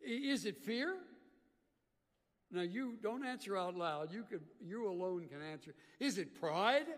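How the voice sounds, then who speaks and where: A man preaching a sermon, swinging from loud emphatic bursts to quiet earnest asides. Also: high-pitched, animated, measured pace, in a large hall. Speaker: pastor.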